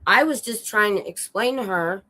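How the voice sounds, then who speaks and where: A sick, hoarse woman chatting casually on her stream, telling an animated story and acting out quoted lines with a bit of swearing. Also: medium pitch, normal speed, rough recording. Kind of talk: casual chat. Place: home streaming setup.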